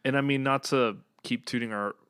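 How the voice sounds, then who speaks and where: A man's voice: mid-range voice, fairly even intonation, normal speed, fairly bright tone, clean tone, no echo, studio quality. A young man co-hosting a podcast in casual chat, earnest and rambling, with lots of fillers and restarts. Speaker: podcast co-host and band member.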